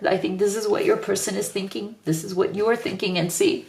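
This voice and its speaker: A woman's voice: medium pitch, fairly even intonation, fairly quick, hardly any pauses, darkish tone, echoey room. A tearful woman giving an earnest, emotional pick-a-card tarot reading, often repeating herself. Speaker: tarot reader.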